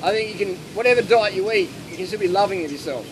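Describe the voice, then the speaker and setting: A man giving blunt, animated answers and stories to an audience in a casual Q&A at an outdoor gathering. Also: high voice, fast talker. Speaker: speaker answering audience questions. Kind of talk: casual Q&A talk with anecdotes. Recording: noisy outdoor ambience with traffic.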